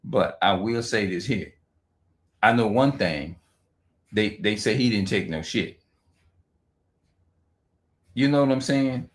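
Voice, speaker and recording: A man talking off the cuff on a livestream, rambling and profane, repeating and restarting his words, and reading aloud slowly with stumbles. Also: fairly low pitch, animated. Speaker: livestream host. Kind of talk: unscripted livestream monologue.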